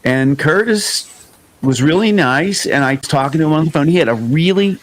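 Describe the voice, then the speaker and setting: Animated male podcast host telling stories. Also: on the high side, moderate pace. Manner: animated storyteller, acts out quoted dialogue. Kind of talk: casual storytelling interview.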